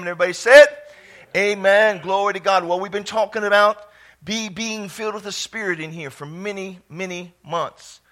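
A pastor preaching a sermon in church, fervent and breaking into excited shouts. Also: male voice, high-pitched, normal speed. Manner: fervent, bursts into shouts and exclamations.

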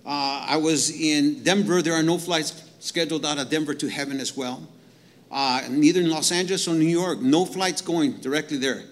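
A man in the pulpit preaches with animated energy, his voice sitting a little high for a man. He slows right down to read scripture aloud, then speeds back up to talk straight to the congregation. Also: big-room sound. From Mexican heritage. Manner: animated preaching, reads scripture slowly, asks "right?" to the crowd. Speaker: pastor. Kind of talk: sermon.

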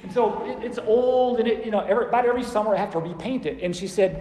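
High-voiced man preaching in a hall. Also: fast talker, mellow. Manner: conversational, acts out quoted lines in different tones. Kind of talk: sermon. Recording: echoey hall with faint background noise.

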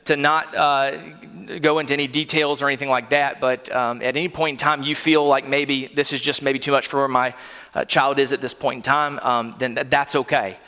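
A man's voice: mid-range voice, level tone, a little fast, sharp tone, clean tone. A man in his thirties preaching a sermon in a church, earnest and conversational, with frequent fillers and restarts. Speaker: pastor. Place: church sanctuary. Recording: long hall reverb.

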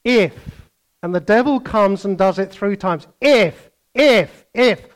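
In his sermon, an older man alternates loud bursts with quiet asides and mimics other voices, staying animated throughout. His pitch is high, and he talks slowly.

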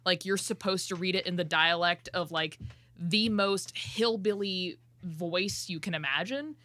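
A woman co-hosting a podcast in casual chat, telling a story in halting, rambling fashion with many fillers. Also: on the low side, bright, forceful tone, dry recording. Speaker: podcast co-host.

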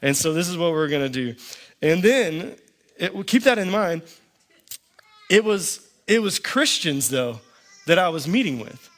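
A man's voice: a little high, sing-song, a little slow, long pauses, fairly bright tone. Dry-humored man preaching a sermon. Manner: dry storytelling with quoted back-and-forth. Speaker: pastor.

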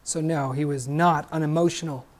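A man's voice: a little high, steady tone, moderate pace. Conversational preacher man. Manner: conversational, often adding a questioning "right?". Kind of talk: sermon.

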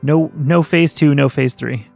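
A man's voice: a little high, vocal fry, darkish tone, no echo. A man co-hosting a podcast, chatting animatedly and rambling about a book, laughing often. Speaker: podcast co-host. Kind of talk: casual book-review chat.

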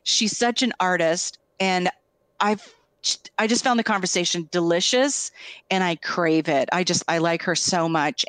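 A woman's voice: fairly low pitch, no room sound. A woman hosting a podcast in casual chat, gushing and enthusiastic, rambling and restarting her sentences as she talks. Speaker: podcast host.

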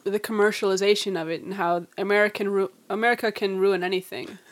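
A woman hosting a casual podcast chat, quick and teasing, with jokes thrown in. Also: medium pitch, steady tone. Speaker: podcast host.

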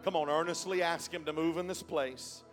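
A man with a high voice preaches a sermon in church. He starts quiet and halting, then climbs to loud, shouting emphasis. A faint instrument plays softly behind him. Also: fairly even intonation, faint music behind.

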